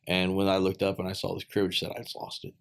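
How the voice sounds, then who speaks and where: A man with a fairly low voice tells a personal story in relaxed podcast conversation. He speaks earnestly and haltingly, restarting phrases and filling pauses with ums. His voice often drops soft and quiet. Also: gravelly.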